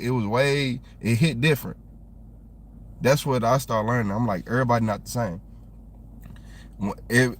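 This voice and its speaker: A young man with a Southern American accent, chatting casually and rambling on a livestream with lots of slang. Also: medium pitch.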